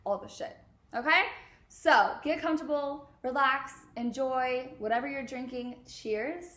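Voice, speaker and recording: A woman's voice: high-pitched, unhurried, a bit bright. A young woman in her twenties hosting a casual podcast from home, chatty and bubbly, swearing and laughing freely. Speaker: podcast host. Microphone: podcast mic. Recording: echoey room.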